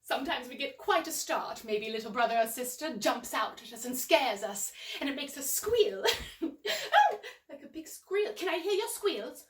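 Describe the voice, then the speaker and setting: Gasping and exclaiming with plenty of "oh"s, a woman with an English accent hosts children's storytime as a cheerful, proper English nanny and coaxes young viewers at home. Her high voice has lively intonation and a moderate pace, and it comes from a distance with roomy echo.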